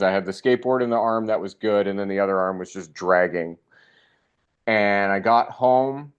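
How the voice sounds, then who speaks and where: A young man telling a funny personal story in a casual, animated way, acting out the voices of the people in it. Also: fairly low pitch, clean tone, lo-fi sound. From Canada.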